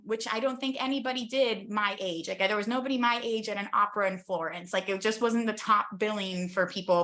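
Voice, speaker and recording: A young adult woman from the United States telling travel stories as an interview guest, animated and enthusiastic, with many quick asides. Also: a little high. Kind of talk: casual storytelling in an interview.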